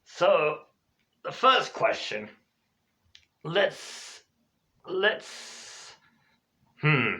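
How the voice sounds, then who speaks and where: A man teaching an English class in a lively, chatty way, explaining a role-play exercise and voicing the example phrases at a higher pitch. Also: very slow, pauses often. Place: lives in Spain. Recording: dull lo-fi recording.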